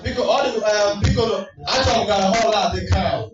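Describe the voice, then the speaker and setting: A man's voice: high voice, quick pace, distant mic. A man hosting a community party, teasing the crowd playfully as he mixes English and Igbo. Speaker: event host. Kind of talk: joking emcee banter at a party. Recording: echoey hall, mic from afar, dull sound with loud music.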